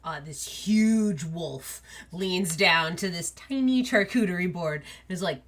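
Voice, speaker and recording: A woman running a tabletop game, talking slowly in a bright tone. She narrates casually, with plenty of ums and likes. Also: lowish voice, expressive. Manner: casual, many fillers. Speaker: game master.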